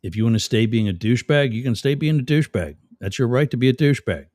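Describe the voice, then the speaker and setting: A man's voice: mid-range voice, expressive, quick pace, a little mellow, dry recording, studio quality. A man hosting a live stream, reading chat comments aloud and mocking the commenters sarcastically. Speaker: livestream host.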